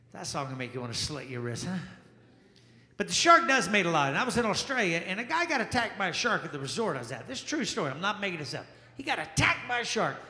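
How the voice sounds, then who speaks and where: A man performing a stand-up comedy set in a small jazz lounge, bantering with the crowd in an animated way. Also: high-pitched. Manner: animated, crowd-work banter with quick asides. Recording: echoey room with long reverb.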